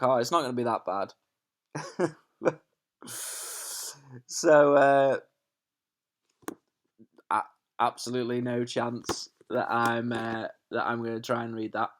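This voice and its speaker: A man, a teacher chatting to his pupils and then reading a storybook aloud from his sofa at home, chatty and often laughing at himself. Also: mid-range voice. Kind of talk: casual chat then storybook read-aloud. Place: home living room, on a sofa. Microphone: camera in front of him.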